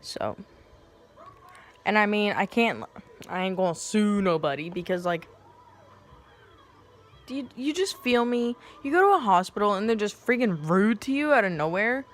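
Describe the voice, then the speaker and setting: A young woman vlogging casually at home, telling a story with a sassy, profane, animated manner. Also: mid-range voice, moderate pace, pauses often. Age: young adult.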